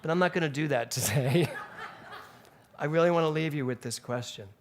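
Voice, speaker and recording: A male minister delivers a Sunday talk in a spiritual center, his voice sitting a little high for a man. He tells stories animatedly and laughs as he goes. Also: moderate pace, slight background noise. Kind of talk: sermon.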